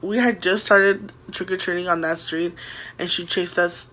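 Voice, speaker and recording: A woman vlogger telling a story in a casual, animated way, full of fillers and acted-out quotes. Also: fairly low pitch, moderate pace. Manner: animated, filler-heavy retelling with quoted voices.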